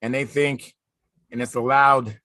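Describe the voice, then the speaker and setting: A man chatting casually with friends on a video call, telling stories with animated, acted-out quotes. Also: mid-range voice, measured pace, dry recording. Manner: animated storytelling, acts out quotes loudly. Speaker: video hangout participant, contest pilot. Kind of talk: casual group chat.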